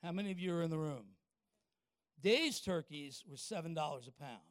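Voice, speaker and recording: An older man, a pastor telling a folksy story in a sermon and asking the congregation quick questions. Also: on the high side, expressive, no room sound, clean studio sound.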